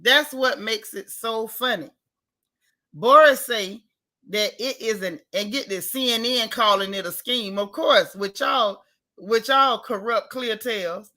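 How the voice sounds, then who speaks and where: A woman's voice: fairly high pitch, takes it slowly, sharp tone. A woman hosting a casual livestream chat, reading viewer comments aloud and answering them with sassy, emphatic commentary. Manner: addresses viewers by name.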